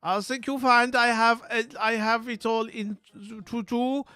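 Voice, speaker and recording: A man doing a pompous, stiff German woman, high-pitched. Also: steady tone, a little slow, pushed and bright, clean tone, dry recording, soft background music, heavily acted. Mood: smug. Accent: mock German. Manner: exaggerated, pompous, over-formal.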